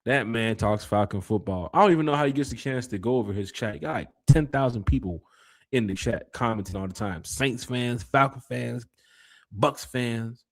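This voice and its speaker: A man hosting a casual fan podcast, reading out chat comments and giving shout-outs. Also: medium pitch, normal speed. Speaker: podcast host. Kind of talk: casual live-stream chat.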